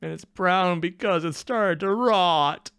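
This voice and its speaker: A man's voice: high-pitched, takes it slowly, gravelly, a bit bright, smooth, no room sound, studio quality. A man hosting a reaction video, rambling in a casual, self-deprecating way.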